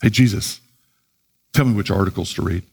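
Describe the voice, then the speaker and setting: A man preaching voices a self-centered man making demands of Jesus, low and self-absorbed. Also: brisk, vocal fry, a little mellow, husky, exaggerated voice. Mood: demanding. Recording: long reverb of a large hall.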